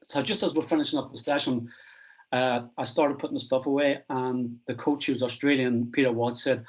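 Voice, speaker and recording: A middle-aged man from Northern Ireland, a strength coach telling stories from his career in a relaxed, self-deprecating interview. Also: medium pitch, a little fast, slight background noise, poor audio. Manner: anecdotal, self-deprecating, acts out quoted dialogue.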